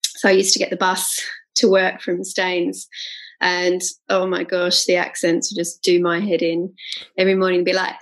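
A young woman, co-hosting a casual podcast chat, chatty and quick to laugh. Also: fairly low pitch, completely flat delivery, poor audio. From Australia. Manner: chatty and giggly, mimics accents. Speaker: podcast co-host.

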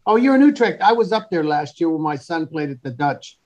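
A man's voice: on the high side, big pitch swings, brisk, darkish tone, highs cut off. A middle-aged man hosting a joking casual panel chat, teasing the others and often restarting his sentences.

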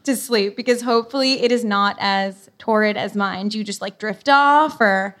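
A woman's voice: mid-range voice, moderate pace, fairly bright tone. A woman hosting an onstage interview, chatty and self-deprecating. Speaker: host interviewer.

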